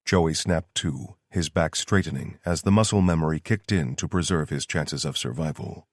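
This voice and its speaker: A man reading an audiobook in steady, scripted narration. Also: a bass voice, normal speed, no room sound, clean studio sound.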